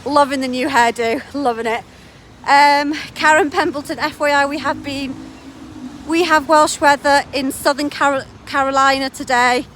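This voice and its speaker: A woman's voice: high voice, steady tone, moderate pace, a bit bright, a little hiss or hum. A woman co-hosting a podcast, out of breath from walking as she reads listener comments aloud in a breezy way. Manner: breezy, laughs easily. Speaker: podcast co-host reading chat messages. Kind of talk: casual chat, reading listener comments. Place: outdoors while walking.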